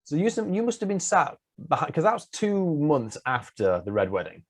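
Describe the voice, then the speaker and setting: A male podcast host asks questions in a relaxed, chatty way and swears freely. His pitch moves around a lot, in an expressive, lively way. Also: moderate pace. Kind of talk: casual interview.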